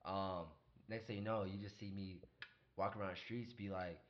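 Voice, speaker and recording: A man's voice: sits low, moderate pace, slight background noise. A young man hosting a casual chat, telling crude stories and acting out quotes with lots of swearing. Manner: animated, swearing, acts out quotes loudly. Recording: dull lo-fi sound.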